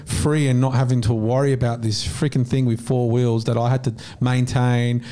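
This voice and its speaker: Mellow Australian man, candid host. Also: medium pitch, little pitch movement, normal speed. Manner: candid, a little profane. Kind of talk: casual interview chat.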